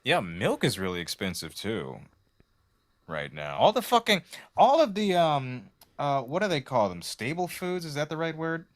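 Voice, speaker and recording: A man's voice: fairly high pitch, very animated, moderate pace. A man co-hosting a casual political livestream, talking in a profane, exasperated way. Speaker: co-host.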